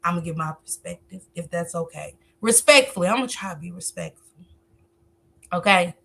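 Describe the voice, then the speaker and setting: A woman's voice: lowish voice, fairly quick, vocal fry, sharp tone, slightly rough. A woman hosting a casual live stream, talkative, reading viewer comments aloud and answering them.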